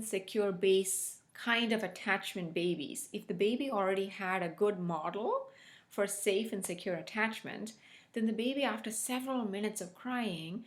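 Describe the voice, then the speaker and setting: A woman giving an explanatory talk on child attachment, telling it as an animated story and often checking in with "right?" and "okay?". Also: medium pitch. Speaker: relationship educator.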